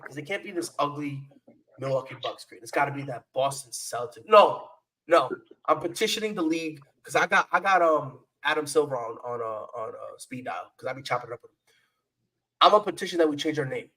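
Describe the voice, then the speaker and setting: A man's voice: fairly high pitch, fairly quick, pushed and bright, low-quality recording. A man co-hosting a sports podcast, talking in a playful, repetitive trash-talk style. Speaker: podcast co-host. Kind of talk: casual sports chat.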